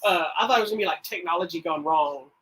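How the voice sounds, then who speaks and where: A middle-aged man co-hosting a podcast, telling stories in a rambling, animated way with frequent restarts. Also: on the high side, fast, poor audio. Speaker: podcast co-host. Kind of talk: casual chat.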